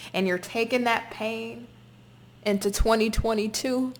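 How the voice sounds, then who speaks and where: A woman reading tarot for her viewers in a forceful, repetitive way. She drops casual swearing into the reading and talks at a middling pitch. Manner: emphatic, repetitive, swears freely. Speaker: tarot reader. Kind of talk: spoken tarot reading to camera.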